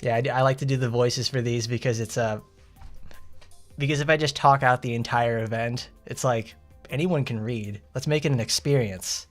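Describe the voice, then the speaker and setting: A relaxed, chatty man reads a game story aloud and breaks off to comment. His voice sits at a middle pitch and he often restarts his sentences. Faint music plays underneath. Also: moderate pace. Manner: relaxed, chatty, self-interrupting.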